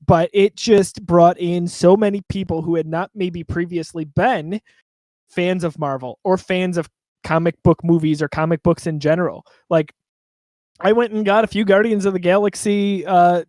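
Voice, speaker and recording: High-voiced man, chatty podcast host. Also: fairly even intonation, normal speed, a little mellow, dry recording. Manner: rambling, chatty with many fillers. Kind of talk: casual podcast chat. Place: at home.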